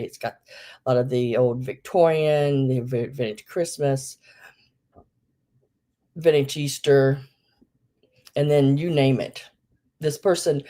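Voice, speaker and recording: A woman with a rumbling low, mellow voice hosts a live vintage sale stream, chatting casually. She rambles with many ums and sounds a bit out of breath.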